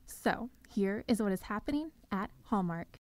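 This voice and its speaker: A woman's voice: mid-range voice, animated, moderate pace, dry recording. A young woman hosting a podcast, gushing with enthusiasm as she delivers a scripted recap monologue. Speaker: podcast host.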